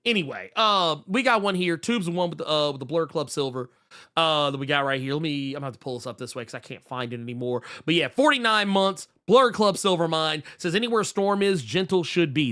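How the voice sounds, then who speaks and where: A man's voice: on the high side, bright, forceful tone. A man co-hosting a comics podcast, ranting in a heated, profane way with lots of restarts while reading out viewer messages. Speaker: podcast co-host.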